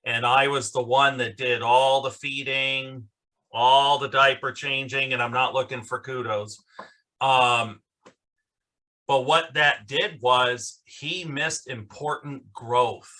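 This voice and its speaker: Slow, earnest man moderating a panel. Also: medium pitch, steady tone, sharp tone. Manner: slow, earnest, halting with fillers. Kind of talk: virtual conference panel talk. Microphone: video call.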